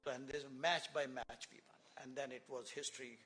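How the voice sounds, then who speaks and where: A man's voice: mid-range voice, steady tone, moderate pace, fairly bright tone. A man in his seventies with an Indian English accent, a former cricketer telling rambling anecdotes full of fillers and restarts at a symposium. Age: 70s. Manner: rambling storyteller with many fillers and restarts, chuckling. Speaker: guest speaker, former cricketer. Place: conference hall, live event.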